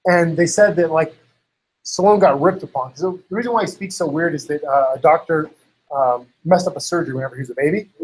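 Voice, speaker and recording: A man's voice: a little high, slightly rough, poor audio. A man in casual chat, rambling with lots of fillers and acting out quotes. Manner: rambling, heavy use of "like" and "you know"; acts out others' lines in quotes.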